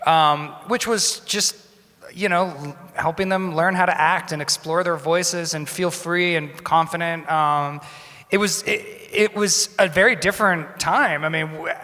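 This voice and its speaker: A man's voice: on the high side, bright, forceful tone. A man in his forties, an actor and director, speaking thoughtfully on a convention panel and restarting often. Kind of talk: panel talk. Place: convention hall panel stage. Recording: long reverb of a big hall.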